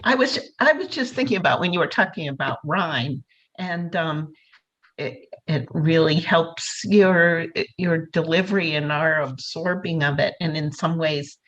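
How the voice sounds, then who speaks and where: A woman from the poetry group asking a question in a hesitant, halting way. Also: deep voice, fairly bright tone. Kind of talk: audience question. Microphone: video call. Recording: dull lo-fi video call audio.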